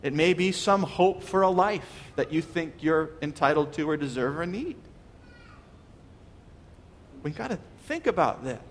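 A man's voice: fairly high pitch, expressive, a little slow, pauses often, big-room sound, a little hiss or hum. A man preaching a sermon, earnest and questioning, often restarting his words. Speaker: pastor.

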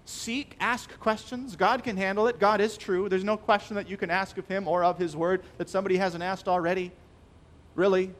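High-voiced guy preaching a sermon, slows right down to hammer points home. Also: fairly even intonation. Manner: emphatic, slows down to stress key phrases.

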